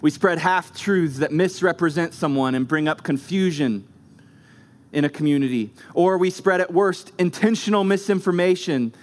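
A man's voice: fairly high pitch, moderate pace. A man preaching a sermon as pastor, emphatic, driving points home with short repeated phrases.

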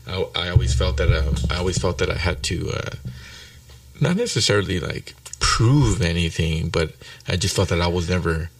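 Deep-voiced blunt middle-aged man. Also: moderate pace, gravelly, no room sound, distant mic. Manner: blunt, heavy swearing, mixes in Spanish phrases. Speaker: guest. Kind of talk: casual chat. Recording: dry sound, speaker off mic.

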